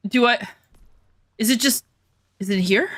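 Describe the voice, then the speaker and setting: A woman's voice: a little high, a little slow, dry recording, clean studio sound. A woman streaming a survival game, chatting casually and jokingly with her viewers, swearing freely and poking fun at herself. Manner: self-mocking, easily flustered. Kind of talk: casual gameplay chat with viewers.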